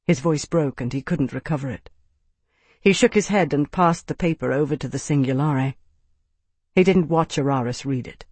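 A man narrating an audiobook in a measured, even storytelling voice. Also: a little high, husky, dry recording. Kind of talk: scripted narration.

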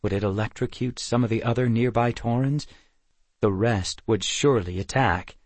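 A man narrating a fantasy novel as an audiobook, in an even, clear storytelling manner. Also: mid-range voice, normal speed, dry recording. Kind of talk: scripted narration.

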